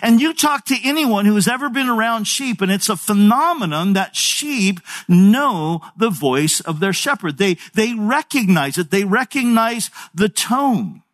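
Man in his sixties, pastor, sermon, high voice, folksy storytelling. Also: expressive, measured pace, few pauses, a bit bright. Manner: conversational storytelling with folksy asides.

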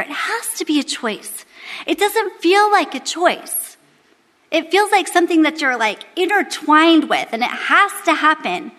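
A woman in her thirties preaches a devotional talk in a candid, joking, lively way. Her voice sits high, and it carries a long hall reverb. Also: moderate pace. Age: 30s. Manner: candid, humorous, animated. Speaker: women's Bible study speaker. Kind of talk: devotional sermon.

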